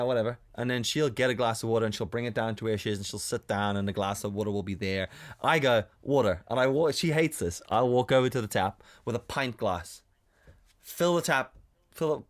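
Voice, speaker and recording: Brief: male podcast co-host, brisk joking delivery, mid-pitched voice. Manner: joking, teasing, acts out quoted voices. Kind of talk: casual chat. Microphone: studio condenser mic.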